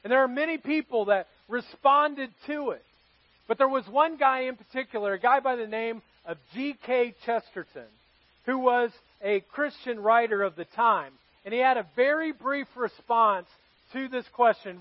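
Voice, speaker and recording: A pastor with a very high-pitched male voice preaches to his live congregation at a church service, speaking at a normal speed. He tells stories conversationally and puts questions to the audience. The lo-fi recording is dry, with no room sound.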